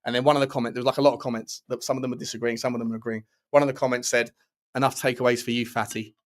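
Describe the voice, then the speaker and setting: A man's voice: mid-range voice, little pitch movement, racing. A man hosting a casual football live stream, reading out chat messages and giving rambling, opinionated takes. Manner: chatty, opinionated, rambling with restarts.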